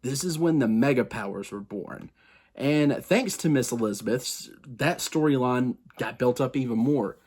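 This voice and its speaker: A man hosting his own wrestling history show, talking in a loose, conversational way at a middling pitch. He rambles, corrects himself as he goes and speaks straight to his viewers with his own opinions. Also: moderate pace, darkish tone, slightly rough. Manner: rambling and chatty, with frequent asides and self-corrections; opinionated, addresses viewers directly. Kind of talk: casual history talk to camera.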